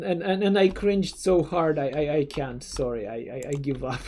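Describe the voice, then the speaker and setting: Live-stream chat, slow, mellow, stammering restarts, casual swearing. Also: medium pitch, gravelly, slightly rough. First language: Russian.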